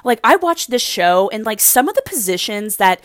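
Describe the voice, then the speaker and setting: A woman's voice: medium pitch, very animated, normal speed, no echo, clean studio sound. A young woman casually recapping a dating show, gushing and rambling with lots of "like". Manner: gushing, rambling, heavy use of "like".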